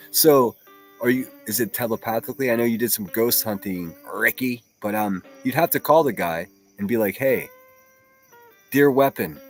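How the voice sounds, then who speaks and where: A man hosting a solo livestream, giving blunt, profane and mocking reaction commentary. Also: medium pitch.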